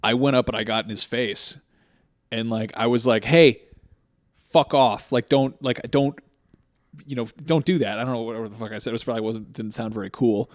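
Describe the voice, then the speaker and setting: Man in his thirties, casual podcast chat, swearing, lively storyteller, mid-pitched voice. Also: a little fast. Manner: profane, animated storyteller. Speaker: podcast co-host.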